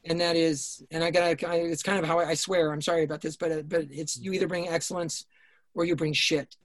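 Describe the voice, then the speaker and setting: Male guest, intense storyteller, a bit high-pitched, dry close sound, swears and restarts a lot, remote call. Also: level tone, fast talker, no room sound. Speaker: writer-director guest. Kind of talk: casual interview storytelling.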